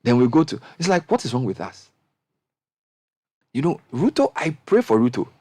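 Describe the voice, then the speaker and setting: Impassioned Ghanaian man, lively pitch. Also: moderate pace, dry recording. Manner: impassioned, animated, rising to high exclamations. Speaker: radio show host. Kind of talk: panel discussion.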